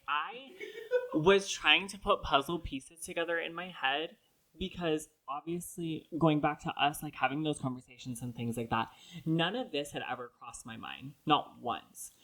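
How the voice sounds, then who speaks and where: A woman's voice: low voice, normal speed, fairly bright tone, poor audio. A young woman co-hosting a podcast, retelling a story in casual chat with dramatic, rambling flair. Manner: dramatic, rambling, says "literally" and "like" often. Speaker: podcast co-host.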